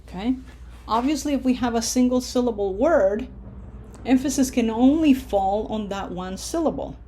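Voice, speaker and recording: A woman teaching a Spanish pronunciation lesson, explaining patiently, checking in with "okay?" and modeling words slowly. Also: on the high side, mellow. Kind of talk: classroom lesson.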